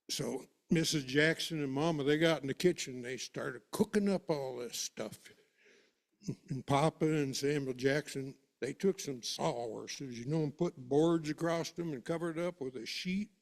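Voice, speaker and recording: A man tells a first-person tale with a homespun rural turn of phrase, chatty and unhurried. His voice sits a bit high for a man, and he speaks as a storyteller to a gathered congregation. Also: a little mellow. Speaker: storyteller at a worship service.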